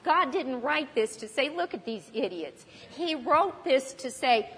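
A woman's voice: sits high, expressive, a little slow, few pauses, a bit bright, breathy edge. A woman preaching a sermon in a conversational teaching manner, now and then acting out panicked voices. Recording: long hall reverb.

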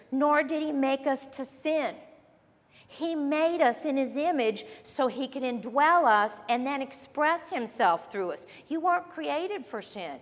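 A woman preaches with a slightly high voice, leaning hard on her key phrases and drawing them out slowly. Her words ring on in a long hall reverb. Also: animated. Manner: emphatic, slows down to stress key phrases. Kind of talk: sermon.

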